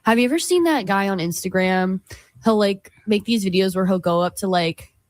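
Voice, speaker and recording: A woman's voice: mid-range voice, normal speed, no room sound, clean studio sound. A young woman co-hosting a morning radio show, chatting casually and rambling with lots of fillers. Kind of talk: casual chat. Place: radio studio.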